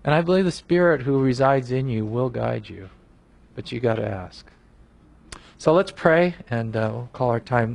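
A man's voice: mid-range voice, animated, moderate pace, vocal fry, a little mellow. Earnest male preacher. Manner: earnest, emphatic preaching with frequent restarts. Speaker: pastor. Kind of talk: sermon.

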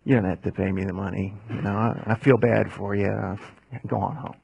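A man's voice: lowish voice, fairly even intonation, moderate pace, vocal fry, a little mellow, breathy edge, voice pushed down, heavily acted. A man doing a laid-back forgiving king. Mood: relaxed. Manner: casual, offhand. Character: easygoing forgiving male king.

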